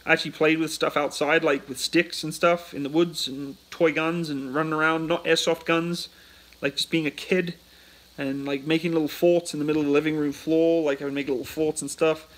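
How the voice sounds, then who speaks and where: A man's voice: a little high, flat delivery, fairly quick, a bit bright, poor audio. A British man hosting a casual livestream. He reads out viewer questions and answers them in a chatty way, into a phone. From United Kingdom. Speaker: livestream host.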